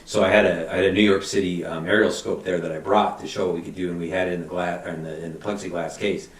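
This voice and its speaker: A middle-aged man, a fire battalion chief, telling animated anecdotes and acting out quotes in a casual interview. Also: deep voice, fast talker. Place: podcast studio. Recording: roomy, somewhat distant mic.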